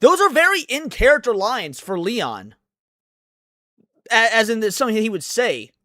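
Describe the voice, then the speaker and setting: A man's voice: sits high, big pitch swings, normal speed, bright, forceful tone, no echo, studio quality. A man ranting in a heated, profane, sarcastic way, hosting commentary over game clips. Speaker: commentary host.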